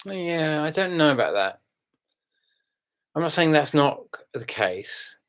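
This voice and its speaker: A man hosting a casual live stream, rambling and halting with many fillers, yawning and relaxed after some red wine. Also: fairly high pitch.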